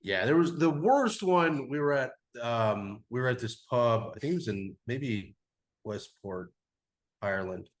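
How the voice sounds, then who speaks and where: A man's voice: mid-range voice, expressive, unhurried. A man in his forties, a podcast guest, telling a travel story in a loose, rambling way full of "like" and casual swearing. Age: 40s. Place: cigar podcast studio.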